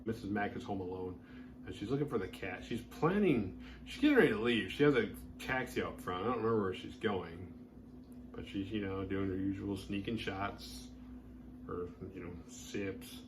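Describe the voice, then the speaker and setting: A man with a fairly low voice recaps a horror film as a show host. He rambles casually and leans on filler words. A faint room hum sits behind him. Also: expressive, moderate pace. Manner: rambling, heavy use of "like" fillers. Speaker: horror movie review host.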